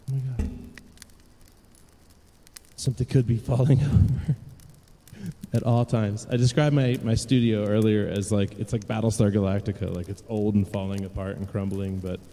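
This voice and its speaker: Man, casual live chat, rambling and self-deprecating, dark mellow low voice, long reverb tail. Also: steady tone, normal speed. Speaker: live streaming musician. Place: home music studio.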